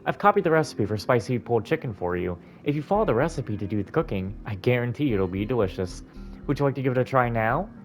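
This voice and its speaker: A gamer voicing a kindly woman who runs a restaurant, speaking in a gentle, reassuring way. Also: medium pitch, animated, quick pace, soft background music, natural voice. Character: kindly woman restaurant owner, warm and motherly.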